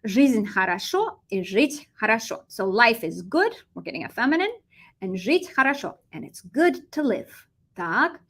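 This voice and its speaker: A young American woman with a lively, animated delivery, teaching a Russian vocabulary lesson and switching between English and Russian. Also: on the high side, unhurried. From United States.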